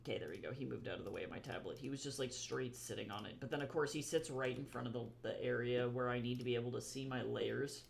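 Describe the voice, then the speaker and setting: A woman's voice: a bass voice, fast talker, creaky, few pauses, slight background noise. A woman streaming her comic drawing, chatting casually and talking fondly to her cat as she works at her desk. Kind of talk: casual livestream chat. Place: home desk at a drawing tablet.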